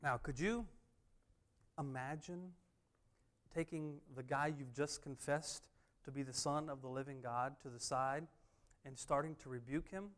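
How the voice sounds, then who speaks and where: A man's voice: mid-range voice, unhurried, fairly bright tone. A man preaching a sermon, driving points home with emphatic repeated refrains. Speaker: pastor.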